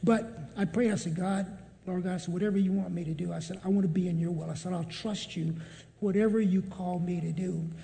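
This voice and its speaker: A man's voice: high-pitched, steady tone, a little fast, vocal fry, dark tone, big-room sound, a little hiss or hum. A man telling a personal faith testimony in a storytelling manner, often repeating what he said. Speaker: testimony speaker.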